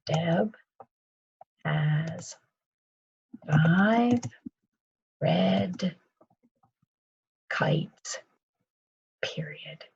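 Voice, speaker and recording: Husky slow-talking kindergarten teacher woman. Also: on the low side, darkish tone, lo-fi sound. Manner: slow, patient, sing-song teacher talk, calls herself by her surname. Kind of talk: remote video lesson for young children.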